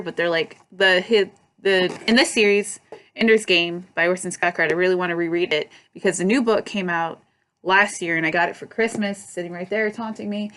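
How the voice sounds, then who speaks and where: A woman's voice: medium pitch, a bit bright. A young woman vlogging at home, chatting casually and rambling with lots of fillers and restarts. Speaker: book vlogger. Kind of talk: casual chat. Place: at home by her bookshelves.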